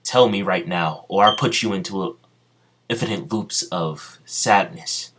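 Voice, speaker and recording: A man's voice: deep voice, unhurried, fairly bright tone, slight background noise. A man doing a blunt, arrogant old ninja warlord. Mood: threatening. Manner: blunt, commanding, threatening. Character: arrogant ancient male ninja warlord, menacing.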